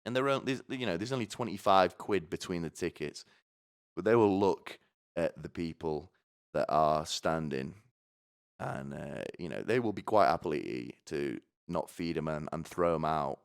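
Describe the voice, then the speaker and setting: A man's voice: deep voice, moderate pace, creaky, clean tone. A man ranting alone on a live stream, provocative and full of asides. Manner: rambling and provocative, swearing, asking "right?". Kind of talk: solo stand-up style rant.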